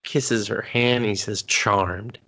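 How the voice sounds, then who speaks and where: A man co-hosting a casual movie review podcast, swearing freely and acting out the characters' lines in quick impressions. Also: fairly low pitch, steady tone, sharp tone. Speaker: podcast co-host.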